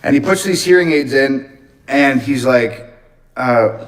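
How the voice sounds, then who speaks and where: On a livestream, a man tells a long personal anecdote in a casual, rambling, animated way, swearing plenty as he retells it. His voice is medium-pitched at a measured pace, and the recording is rough.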